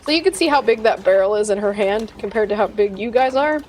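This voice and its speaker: A woman's voice: medium pitch, expressive, fast talker, slight background noise. A woman running a tabletop game as dungeon master, describing scenes in a casual way. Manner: casual descriptive narration with swearing.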